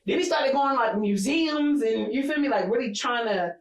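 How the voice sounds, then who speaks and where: A woman co-hosting a podcast, telling a personal story in blunt, profane casual chat, getting animated when she quotes people. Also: fairly high pitch, normal speed, reverberant, rough recording. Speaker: podcast co-host.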